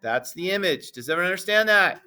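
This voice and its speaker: A man teaching a middle school math class, playful and emphatic, addressing the students as ladies and gentlemen and checking often that everyone understands. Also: sits high, expressive, fast talker.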